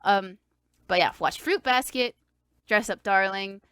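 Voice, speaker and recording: A young woman co-hosting a podcast, chatting casually and rambling, with many fillers, restarts and lively quoted asides. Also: medium pitch, a little slow, clean tone, no echo, clean studio sound. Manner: animated when quoting people. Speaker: podcast co-host. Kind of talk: casual chat.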